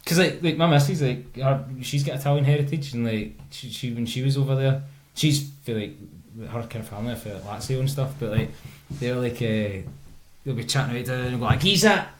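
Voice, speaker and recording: A man's voice: medium pitch, brisk. Chatty Scottish man in an echoey room. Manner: chatty, animated storytelling with laughs. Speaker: podcast host. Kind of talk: casual chat.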